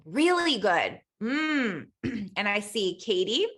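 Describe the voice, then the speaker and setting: Slow and sing-song, her mid-range voice carries a little brightness. She's from Los Angeles, cooking for an online class while spinning chatty stories laced with Spanish words. The space around her echoes.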